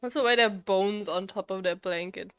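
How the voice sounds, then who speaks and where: A woman's voice: medium pitch, brisk, fairly bright tone, clear, resonant tone. A young woman streaming a game live, chatting casually and rambling with frequent laughs.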